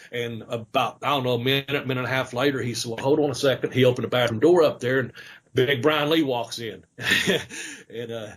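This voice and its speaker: A man's voice: mid-range voice, a bit bright, a little hiss or hum. A middle-aged man, a former wrestler, casually telling rambling stories on a podcast, with lots of fillers and laughter. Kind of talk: casual storytelling chat.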